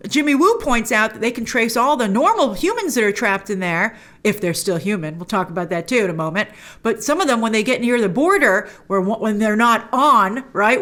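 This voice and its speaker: Female host, casual reaction recap, bright swooping delivery, fairly high. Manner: animated, jumps into quoted voices of characters. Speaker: host reviewing a TV episode.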